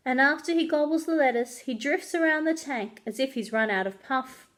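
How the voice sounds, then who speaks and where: A woman's voice: high voice, moderate pace, hardly any pauses. A woman reading a children's chapter book aloud as a librarian, telling it expressively and doing voices. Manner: expressive, animated storytelling with voices. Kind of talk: children's story read-aloud.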